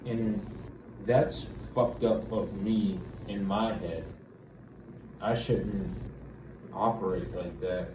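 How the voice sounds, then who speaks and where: Slow-talking young man telling a rambling story. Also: on the low side, fairly even intonation. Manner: profane, rambling, restarting with frequent "like". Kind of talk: casual storytelling. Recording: roomy, distant mic, noisy background.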